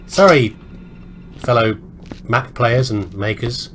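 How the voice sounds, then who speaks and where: A British man hosts a let's play, rambling, self-deprecating and talking to himself as he works through a video game. His mid-range voice is very animated and fairly bright, at normal speed with long pauses, against slight background noise.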